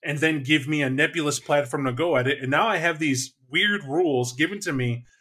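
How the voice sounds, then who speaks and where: A man talking casually about tabletop role-playing games with a bright, forceful edge to his voice. His pitch sits a little high for a man. He is animated and breaks into quick acted-out bursts as he talks.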